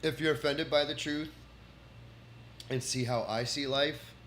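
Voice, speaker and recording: A man's voice: medium pitch, steady tone, a little slow, fairly bright tone. Texas guy rambling thru his notes on a stream, keeps restarting, bit of hum behind. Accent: Texan. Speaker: comedian doing a livestream. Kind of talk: casual rambling monologue.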